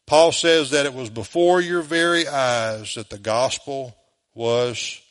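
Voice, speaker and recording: A man's voice: medium pitch, slow pace, fairly bright tone. A man with a Southern US accent, preaching a sermon as pastor, emphatic and full of rhetorical questions, in a church.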